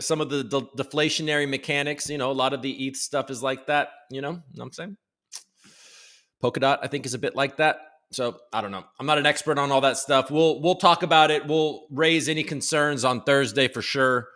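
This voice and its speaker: Bright, upbeat male livestream host. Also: on the high side. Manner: rambling, jokey, self-interrupting, swears. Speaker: host of a daily crypto news livestream. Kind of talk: casual live-stream chat. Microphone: desk microphone.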